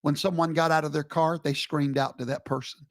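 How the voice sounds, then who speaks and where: A man's voice: a little high, level tone, fairly quick, dry recording, studio quality. A man giving a live streamed commentary in an emphatic, preacherly way, scolding with rhetorical questions.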